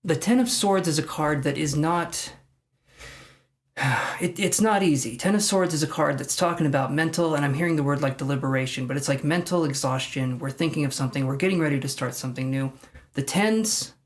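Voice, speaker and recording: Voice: mid-range voice, brisk. A tarot reader hosting a casual live stream from home, chatting with viewers by name and making jokes at their own expense. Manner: chatty and self-joking, addressing viewers by name.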